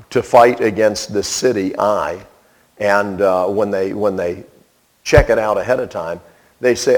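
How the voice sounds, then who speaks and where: A man preaching a sermon, telling a story with animation and acting out the people in it. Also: medium pitch.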